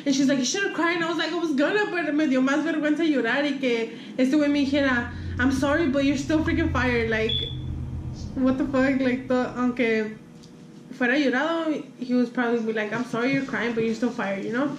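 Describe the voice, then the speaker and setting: A woman's voice: high voice, fairly quick, roomy sound, muffled recording, a little hiss or hum. A young woman telling a casual storytime. She swears freely, switches between English and Spanish, and acts out what people said. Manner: animated retelling with quoted dialogue. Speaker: vlogger.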